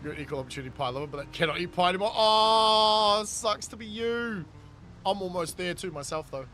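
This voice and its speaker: A man's voice: high voice, lively intonation, a little fast, bright, forceful tone, a little hiss or hum. A man streaming a game, casually reading chat aloud and riffing on it with frequent laughs. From New Zealand. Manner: reads chat aloud and riffs on it, laughing often. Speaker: gaming streamer.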